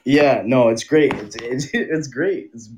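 A man's voice: mid-range voice, animated, slow, a little mellow, slight background noise. A man co-hosting a podcast, giggly and eager in casual comedic banter. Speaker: podcast co-host.

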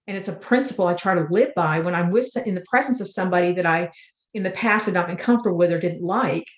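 An older woman, an author and interview guest, talking in an earnest, unhurried way and telling spiritual stories. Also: on the low side. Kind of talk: reflective interview talk. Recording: roomy echo.

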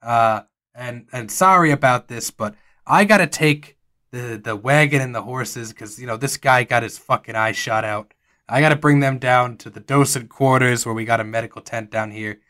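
A man voicing a brusque male sheriff who gives loud, gruff orders. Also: mid-range voice, normal speed, lightly acted. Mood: bossy.

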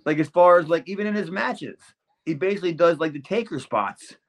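A man co-hosting a podcast in loose, rambling chat. His voice sits a little high for a man. He fills his talk with casual slang. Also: lively intonation, brisk, soft background music. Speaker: podcast co-host.

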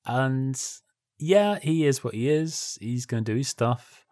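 A man with a middling, ordinary pitch talks in a loose, rambling way, often stopping and restarting a thought. His tone stays wry and casual throughout. The sound is dry and close to the mic. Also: animated, a little slow, darkish tone, dry recording. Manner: rambling, self-interrupting, wry. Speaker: podcast co-host. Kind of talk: casual chat about old television.

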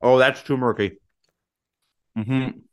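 A man hosting a casual chat while tasting hot sauce, whooping loudly at the heat, his nose running. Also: mid-range voice, fairly even intonation, measured pace, clear, resonant tone. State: nose running from spicy food. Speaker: host.

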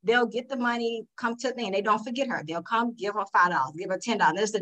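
A woman chats casually, her voice lively and full of restarts and "you know"s. She talks at an everyday middle pitch with animated swings when she acts out other people. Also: quick pace, low-quality recording. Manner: animated, lots of fillers and restarts. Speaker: guest panelist. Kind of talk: casual storytelling chat.

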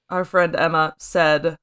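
A woman's voice: sits low, little pitch movement, slow pace, a bit bright, smooth. A woman co-hosting a casual chat in a giggly, enthusiastic way. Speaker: podcast co-host.

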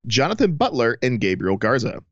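A man's voice: mid-range voice, sing-song, fairly quick, no room sound. A man co-hosting a fan podcast, summarizing an episode and chatting in an easygoing way. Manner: laughs readily, easygoing. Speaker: podcast co-host. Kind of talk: casual fan discussion. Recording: dull lo-fi sound.

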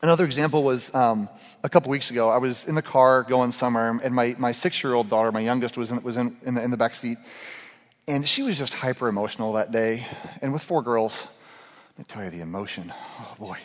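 A man's voice: mid-range voice, steady tone, brisk. A middle-aged man giving a casual, humorous sermon to a group. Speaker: pastor. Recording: echoey hall reverb.

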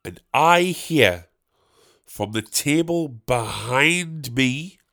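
Animated rambling man telling a story. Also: mid-range voice, drawn-out words, creaky. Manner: animated, swears freely, asks himself rhetorical questions. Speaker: podcast host.

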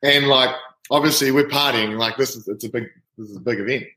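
A man's voice: medium pitch, a little fast, sharp tone, reverberant, poor audio. A man, a rugby player telling an anecdote casually and animatedly, often breaking into laughter. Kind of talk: casual storytelling.

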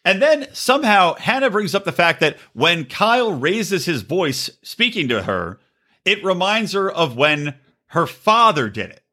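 A man co-hosting a podcast, swearing freely as he recaps a reality show with lively mimicry. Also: measured pace. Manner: profane, animated storytelling with shrill mimicry. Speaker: podcast co-host. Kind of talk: crude casual chat, recapping a reality show.

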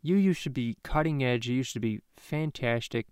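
Ranting man, profane, rambling, smooth voice, dry close mic. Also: mid-range voice, moderate pace, darkish tone, dry recording. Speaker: podcast host. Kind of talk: profane comedic rant. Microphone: podcast microphone.

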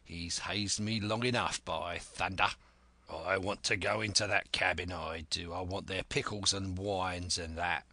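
A man voicing a rough pirate coxswain who grumbles in a growling rough dialect. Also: low voice, steady tone, measured pace, bright, forceful tone, no echo, full character voice. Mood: grumbling.

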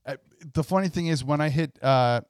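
A man's voice: a little high, fairly quick, clear, resonant tone, no echo, studio quality. A man chatting casually on a podcast as the musician guest, hesitant and restarting often. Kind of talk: casual chat.

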